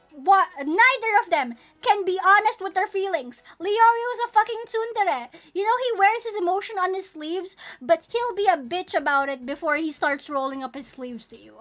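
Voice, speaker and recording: Young female streamer, high voice, swears a lot, excitable, faint music behind. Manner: excitable, profane, squealing fangirl bursts. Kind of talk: casual live-stream chat about her characters.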